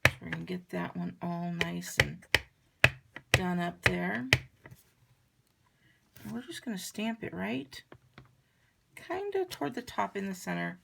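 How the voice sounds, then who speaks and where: A woman giving a chatty, relaxed card-making tutorial, talking her viewers through each step as she works. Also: fairly low pitch, a little slow, creaky, long pauses, very noisy. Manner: chatty, relaxed, talks while working. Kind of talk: crafting tutorial demonstration.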